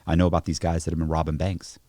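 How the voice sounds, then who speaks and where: A man telling stories in casual podcast chat, profane and animated, acting out the people in them. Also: very deep voice, racing, dry recording. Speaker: podcast guest. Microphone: podcast studio mic.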